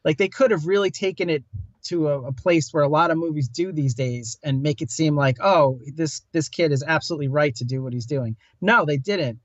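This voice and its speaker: A man's voice: on the high side, fairly quick, no room sound, highs cut off. A man co-hosting a casual film review chat, talking conversationally with frequent restarts. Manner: conversational, hesitant restarts, laughs easily.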